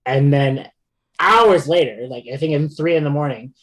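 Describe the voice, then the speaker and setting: Halting, laughing man telling stories. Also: on the high side, fairly bright tone. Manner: halting, restarts often, laughs between stories. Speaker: podcast guest. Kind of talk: casual chat.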